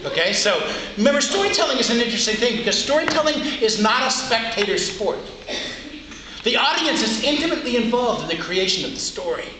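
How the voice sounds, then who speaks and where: A man's voice: very high-pitched, fairly quick. A man performing as a storyteller on stage before a live audience, playful and drawing the crowd in. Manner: animated, playful, audience-involving. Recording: echoey hall with background noise.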